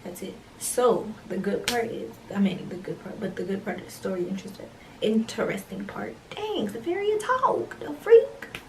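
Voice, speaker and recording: A young woman tells a story to her camera at home late at night, chatty and full of slang. Her voice is mellow and soft-edged. It sounds a little distant from the mic, with a light hiss underneath. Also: medium pitch, fairly even intonation, a little fast, gravelly. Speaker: vlogger. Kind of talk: casual story time.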